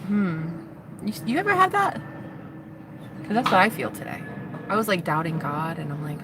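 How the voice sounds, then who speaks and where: A young woman with a deep, animated voice talks at normal speed, leaving long pauses. Parked in her car for a casual, confessional vlog, she rambles teary and chatty, sometimes sinking to a whisper, with traffic noise behind her.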